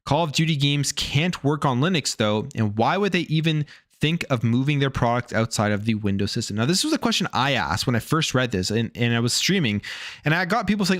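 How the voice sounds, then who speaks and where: A man's voice: medium pitch, sing-song, brisk, fairly bright tone, no room sound, clean studio sound. A man streaming gaming news commentary, rambling in a casual, opinionated way and often restarting or repeating his words.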